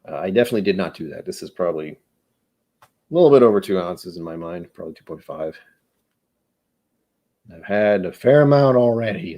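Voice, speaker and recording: A deep, warm voice belongs to an American man running a casual whiskey livestream indoors at home. He's talkative and rambling, reading the chat out loud while making fun of himself.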